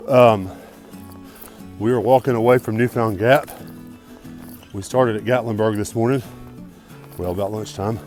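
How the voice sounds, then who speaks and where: A thru-hiker vlogger talks to the camera on a mountain trail, his handheld phone catching a steady, slightly mellow, lowish male voice at a measured pace. He's upbeat, grateful and chatty in this casual outdoor vlog, with faint music behind and poor audio quality.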